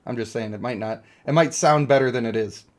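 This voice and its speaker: This is casual live-stream talk from a young man playing a mobile game, who rambles and jokes while pondering the characters aloud. He has a mid-range voice and speaks fairly quickly.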